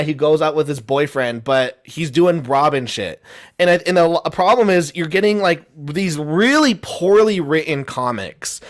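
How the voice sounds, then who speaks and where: A man in a casual debate, talking in quick bursts with many false starts and restarts, animated as he argues his point. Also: fairly high pitch. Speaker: guest.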